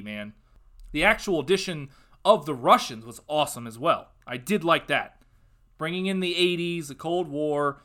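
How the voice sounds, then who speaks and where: Young man, podcast host, bright forceful voice, sarcastic, ranting, casual review. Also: fairly high pitch. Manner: ranting, sarcastic, gets loud and worked up.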